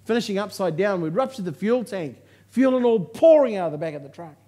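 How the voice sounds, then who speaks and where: A man's voice: high voice, expressive, a little fast, warm tone. A man giving a motivational speech to a live audience from a stage, telling his story with humour and punchy lines. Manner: humorous, punchy storytelling with jokes. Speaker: motivational speaker.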